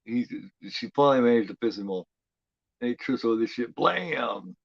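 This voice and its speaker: A man hosting a horror watch-along, giving profane, rambling, excitable live commentary on a film. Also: medium pitch, normal speed, creaky, dry recording. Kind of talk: casual live movie commentary. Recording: dull lo-fi home recording.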